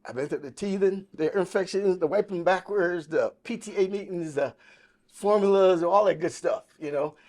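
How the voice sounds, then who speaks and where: A high-pitched, slightly mellow voice belongs to a podcast guest in his sixties speaking at normal speed. He recounts his life testimony in easygoing conversation, emphatic and storytelling, quoting the people he mentions.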